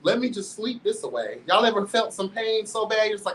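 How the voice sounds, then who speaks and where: His voice sits high this time and moves a little slowly, captured from a distance against a noisy background. The male host keeps laughing through a candid, sassy, flamboyant story, animated and forever calling the audience "girl."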